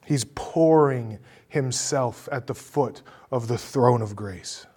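A male preacher giving a sermon, telling a story dramatically and swinging from a hush to forceful emphasis. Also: mid-range voice, slow, slightly rough.

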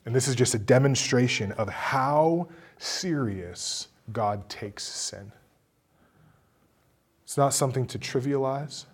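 A male pastor preaching a sermon, his voice dropping low and quiet and then rising into loud, emphatic bursts. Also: slow, husky.

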